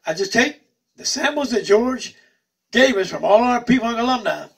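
Male host, calm and earnest, husky voice with a lively lilt. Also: very high-pitched, normal speed, far from the mic. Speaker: funk musician and host. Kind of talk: casual explanation to viewers.

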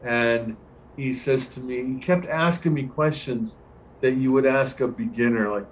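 A man's voice: mid-range voice, a little slow, a little hiss or hum, low-quality recording. Older man telling an on-set story. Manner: relaxed anecdotal storyteller, acts out quoted dialogue. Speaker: guest, veteran camera assistant. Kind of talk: storytelling in an online Q&A.

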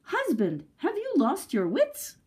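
A woman reading a picture book aloud, voicing a farmer's wife who scolds her husband in shrill, loud outbursts. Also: huge pitch swings, slow, heavily acted. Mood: furious. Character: exasperated farmer's wife, middle-aged woman.

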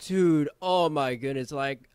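Excitable young man reacting, loud music behind. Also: on the high side, takes it slowly. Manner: excitable, gasping, fills every phrase with "like" and "dude". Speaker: reaction video host. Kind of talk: casual reaction commentary. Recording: loud music playing under the voice. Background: loud music from the video being watched.

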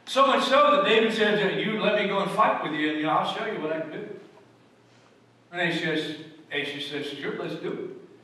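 A man preaches from the pulpit, high and bright, storytelling with emphatic swings between loud and hushed delivery. His voice rings through a very echoey church sanctuary, picked up from a distance with faint room ambience. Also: moderate pace. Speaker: pastor. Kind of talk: sermon. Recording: echoey church hall from far off.

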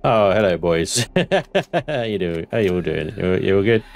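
A man narrating his own gameplay, excitable and talking to himself, swearing now and then. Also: low-pitched, normal speed, creaky, background noise. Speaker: gameplay commentator. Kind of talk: let's play commentary.

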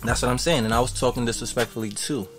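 A man guesting on a casual podcast, telling a story with animated, emphatic repeats. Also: mid-range voice, quick pace, over music. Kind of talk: casual chat.

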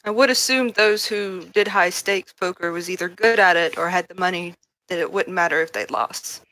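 A woman's voice: on the low side, normal speed, sharp tone, no room sound. A woman describing her character's actions in a casual, sarcastic tabletop game. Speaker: player.

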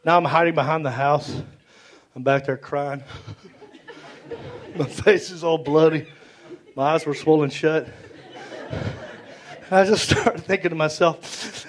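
A man's voice: measured pace, pauses often. A male stand-up comedian, telling a story animatedly and jumping into character voices. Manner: animated, acts out characters with big pitch jumps. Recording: live comedy club with crowd. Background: audience laughter.

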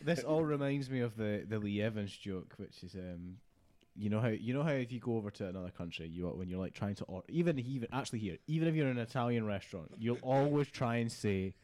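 A man's voice: lowish voice, fast talker, few pauses. A man co-hosts a casual podcast among friends. He tells stories with energy, slipping into little put-on voices and accents for effect. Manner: animated storyteller who acts out bits. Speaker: podcast co-host. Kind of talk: casual chat.

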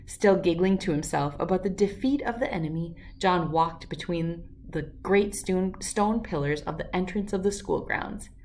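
A woman reading a children's chapter book aloud, telling the story in a clear, expressive way. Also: on the low side, moderate pace, hardly any pauses, recorded from a distance, slight background noise.

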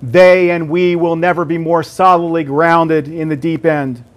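Brief: male pastor in his late fifties, emphatic sermon delivery with quiet prayerful passages, slightly high voice. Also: little pitch movement, a little slow. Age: 56 or older. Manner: earnest, emphatic preaching with soft hushed prayers.

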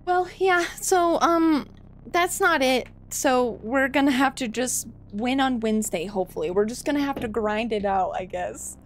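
A woman's voice: high-pitched, normal speed, a little hiss or hum. A young woman giving emotional live commentary on a game she is streaming, exclaiming, pleading and swearing.

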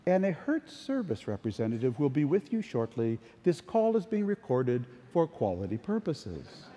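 A man's voice: on the high side, darkish tone. An older man giving a conference keynote talk, telling anecdotes in a conversational way. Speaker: keynote speaker. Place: large conference hall. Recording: long hall reverb.

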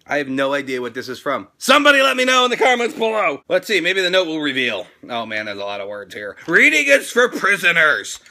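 A middle-aged man hosts an energetic toy unboxing, loud and excitable, with crude jokes and sudden squeals. His voice sits high for a man and swings up and down a lot. The tone is bright and sharp. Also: fairly quick, few pauses. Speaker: toy channel host. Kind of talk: energetic fan mail unboxing.

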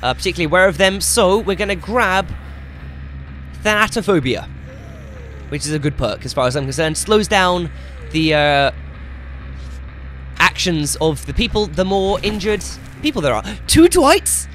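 A young man commentating his own gameplay as he plays, excitable and swearing loudly whenever things go wrong. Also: high voice, normal speed, pauses often, slight background noise. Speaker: gaming YouTuber.

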